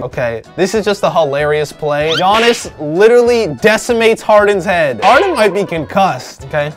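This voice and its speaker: Excitable young guy reacting with jokes. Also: high-pitched, faint music behind. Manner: excitable, joking, quick swings up into laughter. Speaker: reaction video host. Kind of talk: casual reaction commentary.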